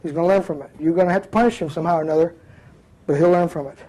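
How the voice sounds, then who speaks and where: A man's voice: on the high side, racing, rough recording. An older man, a former police officer, giving a blunt, folksy, comedic talk to young offenders. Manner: animated storyteller, blunt, folksy. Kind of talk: comedic talk to a live group.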